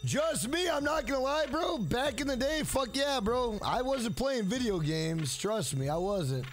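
Male streamer, high animated voice, rambling and swearing. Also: unhurried, soft background music. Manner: rambling, profane, repeats "bro". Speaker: livestreamer. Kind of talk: casual stream chat and storytelling.

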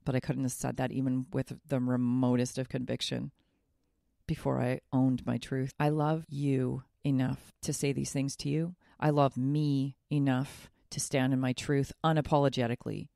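Earnest woman with a gravelly voice. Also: a bass voice, level tone, normal speed, dark tone, no room sound, studio quality. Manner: earnest, self-revealing, upbeat. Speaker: podcast host and life coach. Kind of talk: solo podcast monologue.

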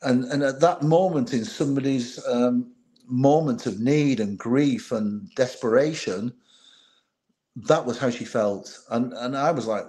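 A man's voice: medium pitch, measured pace, warm tone. A middle-aged man, a former bodyguard, telling stories in an interview, acting out old conversations and often restarting his sentences. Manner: anecdotal, retells dialogue, frequent restarts. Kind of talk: storytelling interview.

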